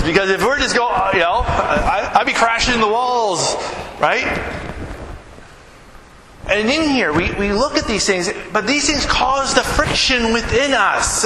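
A man giving a sermon as a pastor, in a conversational style with frequent tag questions like "right?". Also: high voice. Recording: echoey hall with background noise.

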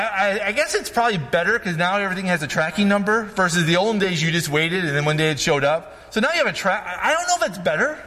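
A man's voice: high voice, pushed and bright, long reverb tail. A man preaching a casual sermon as pastor, talking conversationally and often checking in with "right?".

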